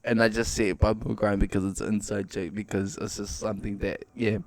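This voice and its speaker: A man's voice: fairly low pitch, flat delivery, fairly quick. A young man, a dancer guest in a podcast, telling stories in casual slangy chat and laughing often. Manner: laid-back slangy storytelling, laughs often.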